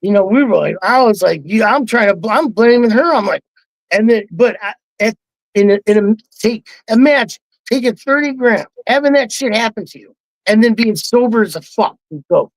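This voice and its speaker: A man on a live online panel, telling a wild story in an excited, heavily profane way and acting out the quotes. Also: sits high, moderate pace, no room sound, rough recording. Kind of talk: casual storytelling.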